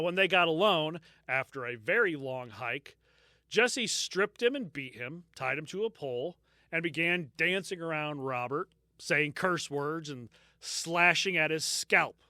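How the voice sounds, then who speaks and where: Bright, lively man telling a crime story. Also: fairly high pitch, dry recording, clean studio sound. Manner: storytelling, swears freely, laughs often. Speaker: podcast co-host. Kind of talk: casual true-crime podcast chat.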